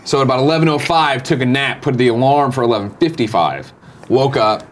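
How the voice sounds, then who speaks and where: A man's voice: mid-range voice, fairly quick. A man co-hosting a casual morning show, rambling through profane anecdotes. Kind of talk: casual chat.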